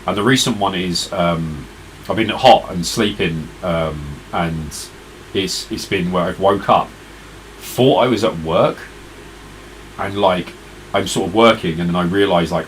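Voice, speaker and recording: A man's voice: sits low, a little slow, a little hiss or hum, low-quality recording. A tired man streaming retro games, chatting casually and rambling to his viewers. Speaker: retro gaming live streamer. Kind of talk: casual live-stream chat.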